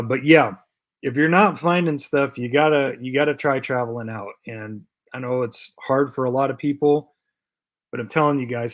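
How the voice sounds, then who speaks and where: Tired, rambling male live-stream host. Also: medium pitch. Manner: loose and rambling, with fillers and repeated phrases; puts on a Canadian accent as a joke. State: tired and short on sleep. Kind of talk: casual live-stream chat reading viewer comments.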